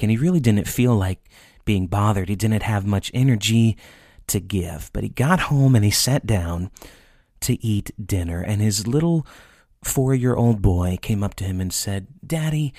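A low-voiced man hosting a podcast, telling stories in an earnest, emphatic way. His voice has a gravelly grain. It sounds dry and close, with faint music underneath. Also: dark tone, no room sound. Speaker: podcast host. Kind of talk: inspirational storytelling.

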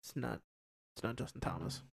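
A man's voice: medium pitch, a little fast, vocal fry, breathy edge. A man co-hosting a sports podcast in casual chat, easygoing, often chiming in with short agreeing replies. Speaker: podcast co-host. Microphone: podcast microphone.

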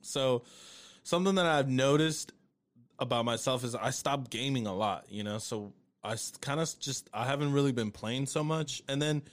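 A man's voice: medium pitch, normal speed. Rambling man in casual chat. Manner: rambling, many fillers and restarts, swears casually.

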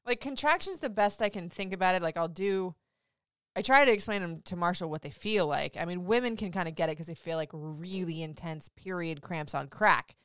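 A young woman vlogger telling a story in a casual, animated way, swearing freely and laughing often. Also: lowish voice, clean tone, no room sound, clean studio sound.

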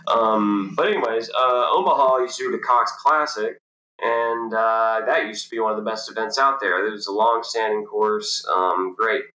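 A young man with a bright, forceful voice tells a golf story in a relaxed interview. He jumps up in pitch to act out the people in his tale. The room around him is roomy and echoey. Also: normal speed. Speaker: professional golfer, guest. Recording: roomy echo.

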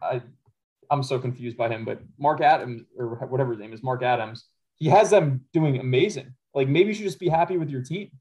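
A man co-hosting a sports podcast in relaxed, matter-of-fact casual chat. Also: medium pitch, fairly quick, poor audio. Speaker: podcast co-host.

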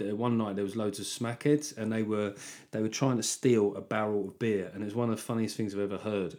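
A man's voice: on the low side, darkish tone. A man hosting a podcast as a comedian, rambling through a casual comic monologue, swearing heavily and cutting himself off mid-sentence.

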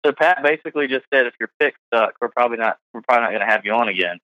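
A man's voice: medium pitch, expressive, very fast, no echo, muffled recording. A man hosting a podcast in casual chat, rambling with lots of fillers. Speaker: podcast host.

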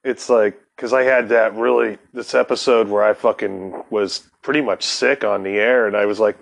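A man's voice: fairly low pitch, fairly even intonation, moderate pace, creaky, few pauses. A middle-aged man hosting a podcast, talking casually in a rambling way, swearing heavily as he goes. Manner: profane, rambling, heavy swearing. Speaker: podcast host. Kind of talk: casual chat.

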